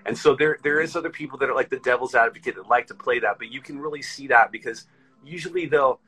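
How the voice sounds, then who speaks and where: Bright husky-voiced chatty American man. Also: medium pitch, fast talker, faint music behind, rough recording. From United States. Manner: rambling storyteller, acts out quoted voices. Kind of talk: casual chat.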